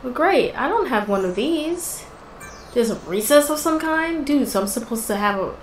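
A woman's voice: high-pitched, expressive, moderate pace, echoey room, a little hiss or hum, low-quality recording. A woman hosting a gaming channel, chatting casually and exclaiming in frustration as she plays. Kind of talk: casual gameplay commentary.

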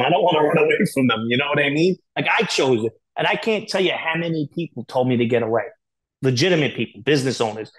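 Male guest, speaks fast, blunt and profane, rambling candid storyteller. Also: medium pitch, rough recording. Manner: rapid, blunt, profane, filler-heavy storytelling. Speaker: podcast guest.

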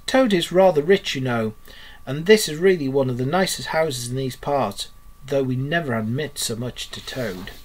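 A male teacher reading a storybook aloud, voicing a cheerful, good-natured male water rat in a bright, hearty way. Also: medium pitch, expressive, moderate pace, lightly acted.

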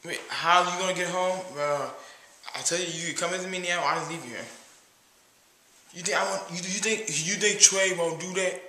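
A man's voice: high-pitched, fairly even intonation, moderate pace, sharp tone, reverberant. A man playing a cheap, nervous date who brags about himself and keeps calling himself "your boy", in a comedy skit.

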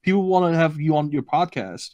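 Man, podcast guest, jokey, a bit high, dry close mic. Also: animated, a little fast, darkish tone, dry recording, muffled recording. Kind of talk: casual chat.

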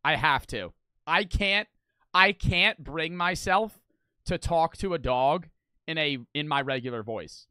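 A man hosting a reaction video, his talk blunt, loud and full of swearing. His voice is bright and lively, swinging widely in pitch, and the recording is close and dry with no room sound. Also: unhurried, clean tone, dry recording. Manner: loud, blunt and profane, with frequent laughter. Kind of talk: casual reaction commentary.

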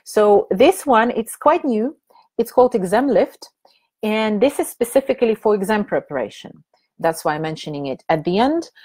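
A woman's voice: medium pitch, expressive, normal speed, darkish tone, slightly rough. Chatty woman presenting a webinar. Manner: chatty, hesitant, many fillers and restarts. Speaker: teacher trainer presenting a webinar.

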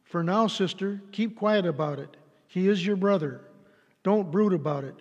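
A man's voice: sits high, normal speed, in a large hall, muffled recording. A man reading the lines of a stern, protective older brother in a plain voice. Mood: hushed.

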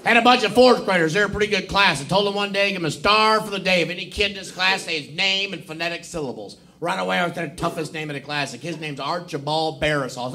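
A man's voice: a little high, fast, pushed and bright. A man doing stand-up comedy, telling jokes as a drawling storyteller who acts out the people in them. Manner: drawling storyteller acting out quoted characters. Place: comedy club stage with live audience. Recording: audience laughter, faint crowd noise.

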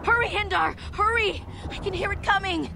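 An actress playing a frantic young village woman, desperately pleading and shouting. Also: very high voice, moderate pace, creaky, background noise.

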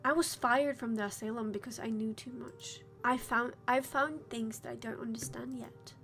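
A woman's voice: fairly high pitch, fairly even intonation, normal speed, a bit bright, faint music behind. Woman doing a stern man with a put-on British accent. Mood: grave. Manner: attempted British accent, grave.

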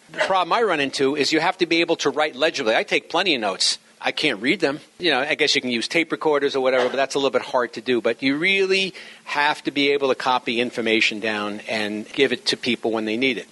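Brief: lively male speaker at a club talk, bright forward voice, joking teacher, slows to emphasize points. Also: medium pitch, a little hiss or hum. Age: middle-aged or older. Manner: animated, joking, slows down to stress words. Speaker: speaker at an amateur radio talk. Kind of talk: humorous instructional talk.

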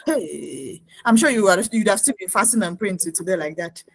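A woman preacher delivering a lively sermon, mimicking her congregants and laughing often. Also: lowish voice, normal speed, no echo, rough recording.

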